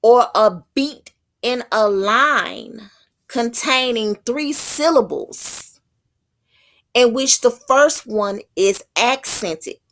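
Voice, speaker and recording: A woman teaching as a self-styled prophetess, thinking aloud in a halting way and stopping to read passages out. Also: fairly high pitch, fairly bright tone. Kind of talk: slow spoken teaching.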